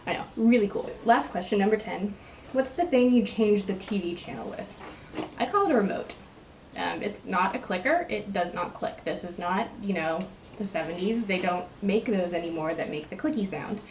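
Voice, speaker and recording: A woman's voice: medium pitch, expressive, moderate pace, echoey room, distant mic, slight background noise. A young woman from Texas with a Texan accent, chatting casually and rambling through an accent tag vlog. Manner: chatty, rambling, self-deprecating. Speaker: vlogger.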